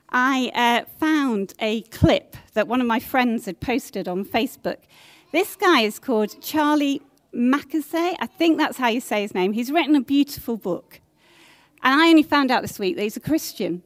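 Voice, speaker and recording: A middle-aged woman preaching in an earnest, gentle way, slowing down to stress her points. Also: fairly high pitch, no echo. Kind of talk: sermon.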